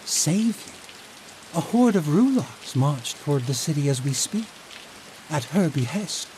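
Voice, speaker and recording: A man voicing a cunning, cold chancellor who speaks smoothly with dark amusement and menace, over steady rain. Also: on the high side, a little slow, pitched above the performer's own voice, poor audio. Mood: menacing. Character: cunning, cold middle-aged male chancellor. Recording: steady rain noise behind voice.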